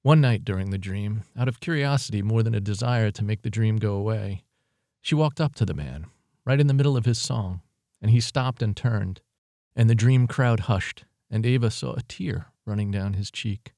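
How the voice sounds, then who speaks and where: A man narrating a story in a steady, measured reading. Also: lowish voice, creaky, no room sound, studio quality. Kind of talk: audiobook narration.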